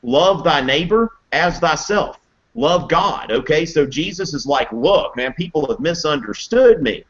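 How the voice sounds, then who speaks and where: A man teaching history in a casual live video Q&A, chatty and animated, acting out quotes in playful voices. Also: on the high side, measured pace, dull audio. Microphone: webcam mic on a video call.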